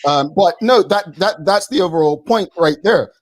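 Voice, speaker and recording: A man, co-hosting a studio talk show and arguing his point quickly and emphatically, repeating words. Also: high voice, lively intonation. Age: 40s. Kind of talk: studio debate.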